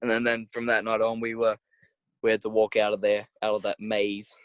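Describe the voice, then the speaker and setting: A man's voice: on the low side, completely flat delivery, a little fast, clear, resonant tone, no echo. A young Australian man in his twenties, co-hosting a podcast and telling a rambling story with many restarts. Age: 20s. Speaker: podcast co-host. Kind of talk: casual chat, storytelling. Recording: dry, dull lo-fi podcast audio.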